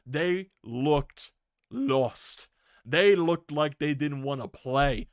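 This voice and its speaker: Young guy hyped up ranting about his team winning, kinda high voice, dry close sound. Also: lively intonation, very slow, no echo. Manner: hyped, shouting and laughing, swears freely. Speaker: sports video host. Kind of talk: excited fan reaction rant.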